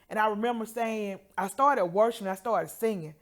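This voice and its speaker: Speaking a little fast in a mid-range register, this woman co-hosts while recounting a moving story of healing. Whenever she quotes someone, she performs their words with animated energy.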